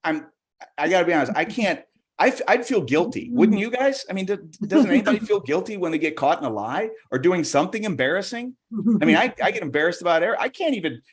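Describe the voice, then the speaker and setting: Rambling male comic with a lively voice. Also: sits high, quick pace, slightly rough. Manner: chatty, rambling, self-interrupting, acts out voices. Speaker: stand-up comedian, co-host. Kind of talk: stand-up comedy on a virtual show. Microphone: video call.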